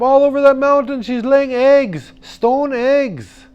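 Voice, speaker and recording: A man storyteller telling a traditional tale to children, animated, with sound effects and call-and-response teaching words. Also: extremely high pitch, slow pace, hardly any pauses, highs cut off, faint music behind.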